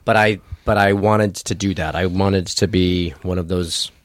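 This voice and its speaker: A man's voice: deep voice, fairly even intonation, moderate pace. A man, an actor guest on a podcast, chatting casually with rambling, self-amused anecdotes. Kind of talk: casual chat.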